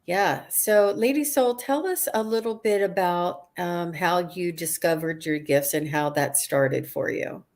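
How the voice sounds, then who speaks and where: A woman hosting a live online show, speaking in a halting, hesitant way as she introduces her guest. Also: fairly low pitch, a little mellow. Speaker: host of a live psychic show. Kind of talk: live-stream interview.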